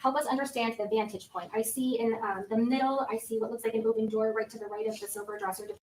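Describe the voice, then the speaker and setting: A woman's voice: fairly high pitch, fairly even intonation, fast, darkish tone, low-quality recording. Methodical woman prosecutor, faint room hum. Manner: methodical, formal, reads exhibit numbers. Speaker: prosecutor questioning a witness. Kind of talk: courtroom examination. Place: courtroom.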